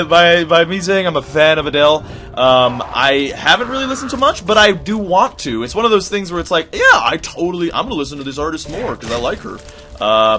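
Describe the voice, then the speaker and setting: A young man giving casual gameplay commentary, rambling off-topic and swearing, with sudden loud outbursts. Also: fairly high pitch.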